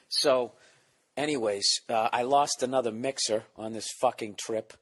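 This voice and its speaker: A man's voice: medium pitch, fairly even intonation, unhurried, a bit bright. A man hosting his own podcast from home, rambling in a profane, self-mocking casual monologue while keeping his voice down. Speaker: podcast host and comedian. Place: home, at night or early morning.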